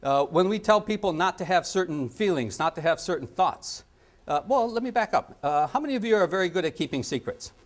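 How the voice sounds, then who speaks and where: Middle-aged guy lecturing on parenting, voice bouncing all over, a bit high, jokey, acts stuff out. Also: fairly quick. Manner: animated, jokey, acts out little scenes and sound effects. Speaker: parenting trainer. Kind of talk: lively training lecture.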